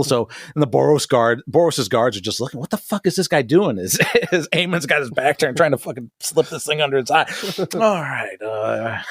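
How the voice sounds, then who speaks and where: A man's voice: medium pitch, breathy edge, dry recording, studio quality. A man co-hosting a podcast, recapping an episode in casual, profane chat, laughing often and mimicking characters. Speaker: podcast co-host.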